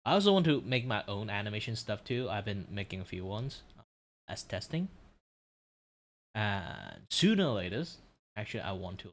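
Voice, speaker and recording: A man from Malaysia, chatting casually on a live drawing stream in a relaxed, rambling, explanatory way. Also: on the low side, moderate pace, long pauses.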